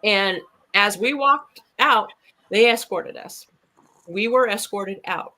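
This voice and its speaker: Brief: woman guest, mid-pitched, bright tone, rambling storyteller. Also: takes it slowly, rough recording. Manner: earnest, rambling, with fillers and restarts. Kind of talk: casual storytelling of an encounter.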